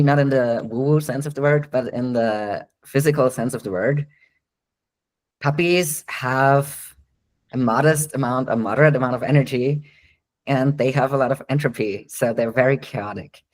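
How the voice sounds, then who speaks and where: A man's voice: medium pitch, moderate pace, a little mellow, rough recording. A man working as a dog trainer, answering listener questions in a live online Q&A. He explains at length in a chatty way, with frequent ums and light laughs.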